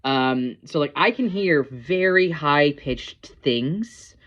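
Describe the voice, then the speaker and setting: A woman's voice: sits low, lively intonation, slow, a bit bright, muffled recording. A woman casually reviewing a TV episode, rambling with lots of ums and likes. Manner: rambling, filler-heavy, chatty.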